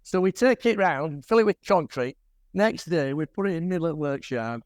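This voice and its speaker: A man's voice: fairly high pitch, lively intonation, brisk, no room sound. An older man gives a chatty slide talk to a camera club, telling stories with dry, wry humour. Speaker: guest presenter at a camera club. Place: club meeting room.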